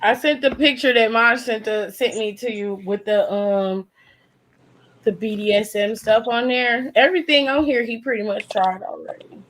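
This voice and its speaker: A woman's voice: a little high, moderate pace, fairly bright tone, a little hiss or hum, low-quality recording. A woman hosting a casual Q&A call, teasing her friends with blunt slang and frequent laughter. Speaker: host of a live Q&A. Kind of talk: casual group chat.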